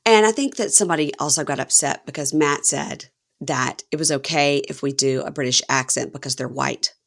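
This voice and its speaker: A Southern-accented woman hosts a casual podcast, talking through a reality TV episode in a rambling, chatty way. Her voice sits a little low, and she keeps poking fun at herself with quick asides. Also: creaky. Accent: Southern American. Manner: chatty, self-deprecating, quick asides and laughs. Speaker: podcast host. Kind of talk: casual chat recapping reality TV.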